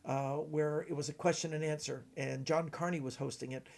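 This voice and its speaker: A middle-aged man from Canada, telling stories in a halting way with many fillers. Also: fairly high pitch, fairly even intonation, vocal fry. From British Columbia, Canada. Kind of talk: casual storytelling.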